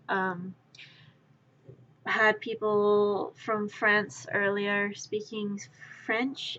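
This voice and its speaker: A woman streamer chatting casually with viewers while she crafts, rambling and distracted, sometimes muttering softly to herself. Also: medium pitch, a little hiss or hum. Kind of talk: casual live-stream chat. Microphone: wearing headphones. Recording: dull lo-fi stream audio.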